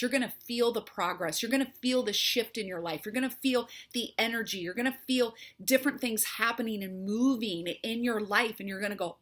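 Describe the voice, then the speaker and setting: A woman's voice: a little high, moderate pace, hardly any pauses, fairly bright tone. A woman who is a faith-based health coach gives a motivational talk, speaking earnestly and directly to her viewers. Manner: earnest, encouraging, speaks straight to the listener.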